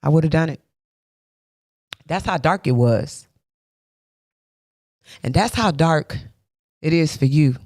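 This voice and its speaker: A woman's voice: low-pitched, animated, takes it slowly, pauses often, a little mellow, dry recording, studio quality. A woman giving a motivational faith talk, emphatic and repetitive like a preacher, with rhetorical questions and frequent laughs. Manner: laughs often between points.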